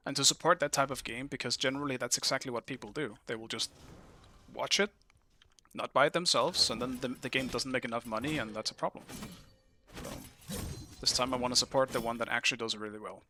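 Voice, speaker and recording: A man live-streaming a game while getting over an illness, coughing now and then. He talks to his viewers in a loose, rambling way, correcting himself as he goes. His voice is bright and pushy, with a faint hiss under it. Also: mid-range voice, fast talker. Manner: rambling, self-correcting, chatty asides to viewers. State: sick, coughing at times. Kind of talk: casual live-stream chat while playing.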